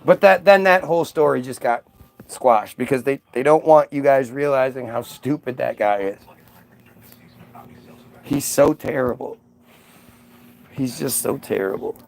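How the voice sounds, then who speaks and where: A man's voice: medium pitch, a little slow, gravelly, long pauses. A man delivering a casual, profane, sarcastic vlog rant in an exasperated manner. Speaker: vlogger. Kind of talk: casual ranting monologue.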